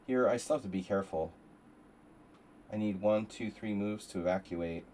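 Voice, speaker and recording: A man hosts a live chess stream, thinking out loud through move lines and wandering into rambling asides as he plays. His voice is lowish and mellow at a moderate pace, with a little hiss or hum in the audio.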